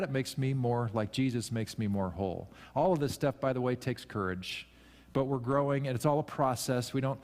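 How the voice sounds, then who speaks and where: Male pastor, mid-pitched, casual sermon delivery, long church reverb. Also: a little mellow. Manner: conversational and self-deprecating, with emphatic rises. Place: church sanctuary.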